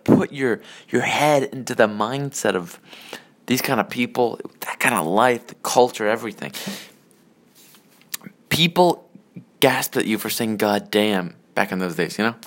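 An adult man in a casual, rambling rant about old movies, swearing often and getting worked up. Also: medium pitch. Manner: profane, rambling, excitable.

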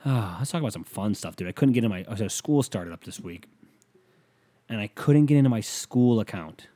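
With a warm, lowish voice and lively intonation at a normal speed, a young podcast host rants alone in his bedroom, leaning on the mic. He's exasperated and rambling, with plenty of swearing, and the recording has no room sound.

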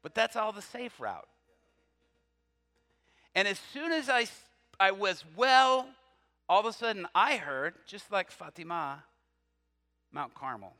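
A man preaching a sermon, telling a story with quoted dialogue and swinging from loud to hushed. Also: sits high, lively intonation, measured pace, pauses often, in a large hall.

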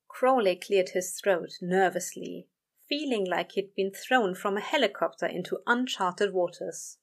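A woman narrating a story aloud in a steady, measured way. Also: medium pitch, gravelly. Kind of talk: reading fan fiction aloud.

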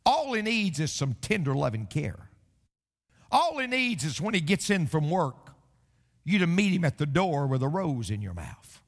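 A preacher doing a stern doctor. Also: male voice, high-pitched, fairly bright tone, exaggerated voice. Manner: stern, listing instructions. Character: stern male doctor giving orders. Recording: long hall reverb.

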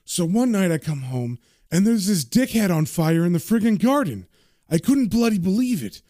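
A man's voice: sits high, sing-song, moderate pace, warm tone, dry recording, studio quality. A man voicing a blunt young man from Birmingham, with a Birmingham accent, who swears and gets heated. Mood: indignant.

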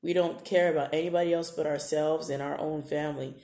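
Low-voiced woman podcasting in an echoey room. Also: steady tone, a little fast, dark tone. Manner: impassioned, rising into rhetorical questions. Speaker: podcast host. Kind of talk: live podcast monologue.

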